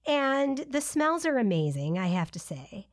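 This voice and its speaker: A woman's voice: on the high side, big pitch swings, unhurried. A woman co-hosting a podcast in casual chat, laughing often and gushing over what her friend says. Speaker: podcast co-host.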